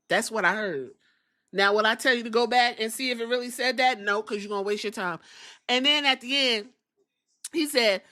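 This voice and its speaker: A woman hosts a wrestling podcast with loose, profane, animated chatter and frequent laughter. Her voice sits a little high and sounds very bright. The delivery is relaxed and quick. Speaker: podcast host reviewing wrestling. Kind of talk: casual chat.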